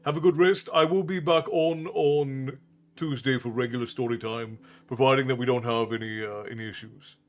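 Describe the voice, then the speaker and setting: A man's voice: medium pitch, steady tone, normal speed, soft background music. A man from Ireland hosting a livestream, chatting casually and greeting viewers by name in a friendly, rambling way. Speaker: livestream host and storyteller. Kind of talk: casual chat with stream viewers.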